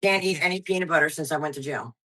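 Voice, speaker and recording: Loud foul-mouthed woman in her 30s, bright tense voice, lowish, just rattling off stories. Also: fast talker, rough recording. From Pennsylvania, US. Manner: blunt, profane, high-energy storytelling. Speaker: stand-up comedian guest. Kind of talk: casual podcast chat.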